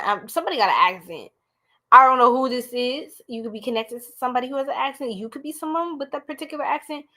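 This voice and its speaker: A young American woman giving a live-streamed tarot reading, talking chattily and straight to her viewers. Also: fairly high pitch. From United States. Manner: chatty, animated, talks straight to viewers as y'all. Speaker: tarot reader.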